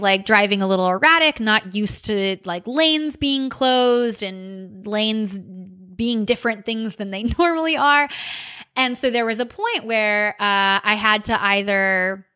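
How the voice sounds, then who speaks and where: A woman hosting a podcast, telling a personal story in a candid, animated way, with many fillers and some swearing. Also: mid-range voice, smooth. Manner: seen on camera holding crystal wands. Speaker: podcast host. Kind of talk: personal reflective monologue.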